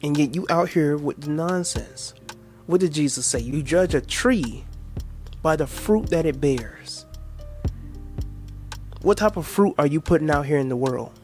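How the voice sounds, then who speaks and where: A man's voice: fairly high pitch, a little slow, pauses often, a little mellow, soft background music. A man hosting a reaction video, lecturing in a preachy way, quoting scripture with crude asides.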